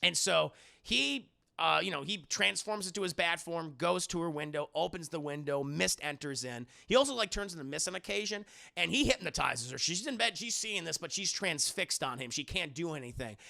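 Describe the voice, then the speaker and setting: A man's voice: on the high side, moderate pace, vocal fry. Rambling, profane man recapping a film. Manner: rambling, profane, animated, many fillers and restarts. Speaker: streamer reviewing a film. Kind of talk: casual spoken film recap.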